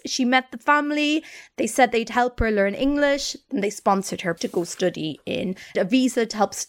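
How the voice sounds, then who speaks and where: High-voiced woman telling a story. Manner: animated narration with acted-out quotes. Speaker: co-host. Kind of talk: storytelling on a comedy podcast.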